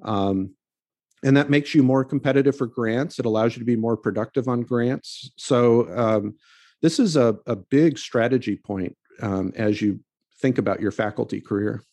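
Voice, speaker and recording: A man's voice: medium pitch, normal speed, darkish tone, no room sound. A man co-hosting a podcast, speaking as a professor in an easygoing, conversational way with frequent fillers and restarts. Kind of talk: casual podcast chat.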